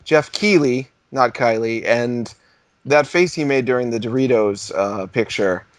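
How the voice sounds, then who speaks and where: A man at home telling rambling, animated stories in a casual podcast chat. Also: medium pitch, unhurried, dry recording. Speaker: podcast co-host.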